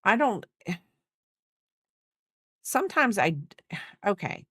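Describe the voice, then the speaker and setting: A woman's voice: medium pitch, very animated, very slow, bright, forceful tone, breathy edge, no echo, clean studio sound. A woman in her fifties chatting casually while crocheting on a livestream, rambling and thinking aloud with lots of fillers. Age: 50s.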